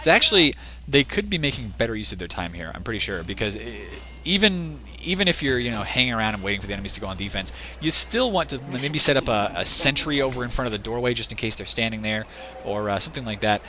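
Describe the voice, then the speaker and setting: A man's voice: medium pitch, lively intonation, fast, bright, forceful tone. A man commentating a competitive team shooter match live as caster, rambling and thinking aloud, with a voice worn thin from a long event. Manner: rambling, restless, thinks aloud, chides the camera. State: losing his voice. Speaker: esports shoutcaster.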